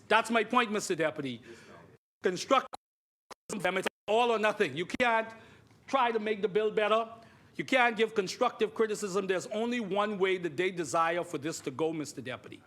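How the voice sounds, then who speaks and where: High-voiced Bahamian man making a forceful parliamentary speech. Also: moderate pace. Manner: emphatic, repeats phrases, keeps addressing the chair. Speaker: member of parliament. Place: parliament chamber.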